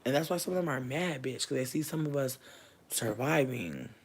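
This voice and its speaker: Brief: thirties man, livestream host, mid-pitched, casual and profane, volume jumps from hushed to loud. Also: normal speed, a little hiss or hum. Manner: expressive, swinging between loud bursts and low murmurs; profane, slangy, chatty.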